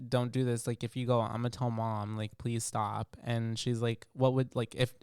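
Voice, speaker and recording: Smooth-voiced man recapping a movie casually. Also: medium pitch, level tone, a little mellow, no room sound, studio quality. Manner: laid-back, drops to mumbles, acts out characters in quick bursts. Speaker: podcast co-host.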